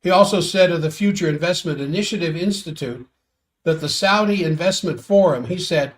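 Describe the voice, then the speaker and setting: A man's voice: on the high side, fairly quick. A man hosting a solo world-affairs commentary stream, sardonic and exasperated as he reads out quotes and reacts.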